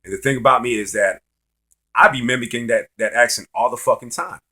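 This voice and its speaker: Dating vlogger, male: brash and bright, swears freely, rambling anecdote style. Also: medium pitch, a little fast. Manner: profane, loose, repetitive. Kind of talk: casual storytelling monologue.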